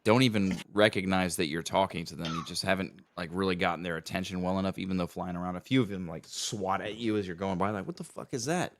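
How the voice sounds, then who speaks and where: A man's voice: sits low, quick pace, few pauses. A man narrating a tabletop fantasy game as game master, rambling with fillers. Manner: relaxed, rambling, with many fillers.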